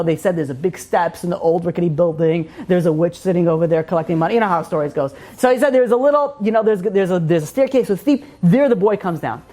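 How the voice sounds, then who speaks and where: A man, a rabbi, giving an informal Torah class as an animated storyteller who fills his talk with "you know". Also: sits high.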